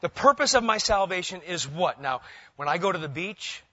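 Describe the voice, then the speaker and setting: A male pastor delivering a sermon, animated and asking his congregation questions. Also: high voice, moderate pace, dry recording, dull audio.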